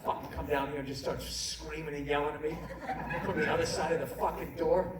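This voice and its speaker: A middle-aged man performs stand-up in a large indoor comedy venue, ranting and cursing through self-mocking stories. His voice is fairly high, fairly even in intonation, and a little fast. The very noisy recording sounds distant and echoey, with a loud crowd roaring in laughter.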